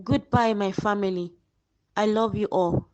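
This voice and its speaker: A woman's voice: mid-range voice, darkish tone, no room sound, muffled recording, close to an everyday voice. A woman voicing a dying young woman in a cartoon drama, weak and remorseful, speaking faintly. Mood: weak tender. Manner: faint, slow farewells.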